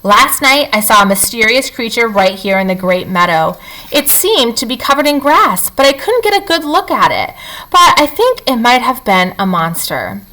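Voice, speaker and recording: A woman's voice: a little high, very animated, moderate pace, poor audio. A woman voicing a fretful, bossy male owl who hoots and screeches warnings to a crowd. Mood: announcing. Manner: loud, screeching, alarmed.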